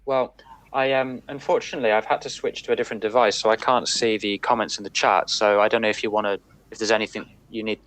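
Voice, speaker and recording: Hesitant low-voiced man hosting a podcast. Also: little pitch movement, quick pace, a bit bright, rough recording. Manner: hesitant, many ums and restarts. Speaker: podcast host. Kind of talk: casual live-stream chat.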